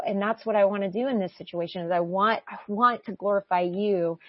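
A woman of middling pitch talks through her thoughts on faith in a thoughtful, searching way, pausing often with soft ums. The recording sounds a little muffled and very dry, with no room sound. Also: steady tone, no room sound. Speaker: podcast co-host. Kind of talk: reflective faith chat. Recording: slightly muffled dry audio.

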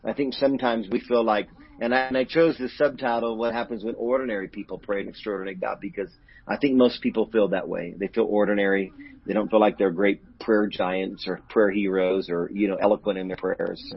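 Earnest and emotional, a middle-aged pastor opens up about hurt while recounting a personal story in an interview. His husky, fairly low voice holds a steady tone at a brisk pace. The audio is dull and lo-fi.

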